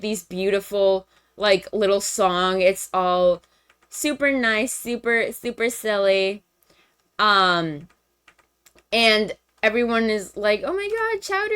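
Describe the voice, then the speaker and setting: A woman's voice: medium pitch, fairly bright tone, clean tone. Chatty young woman recapping a movie. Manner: chatty, filler-heavy, slangy. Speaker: streamer presenting to friends.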